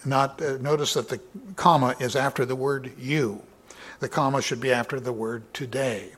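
A man giving a Bible study sermon, reading verses aloud with raised emphasis and explaining them in a loose, conversational way with many fillers and some throat clearing. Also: mid-range voice, fairly even intonation, normal speed, a bit bright. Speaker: Bible teacher.

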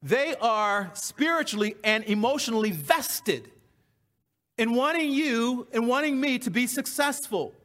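A man's voice: very high voice, animated, a little slow, fairly bright tone. A man preaching a sermon, repeating key phrases with emphasis. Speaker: pastor.

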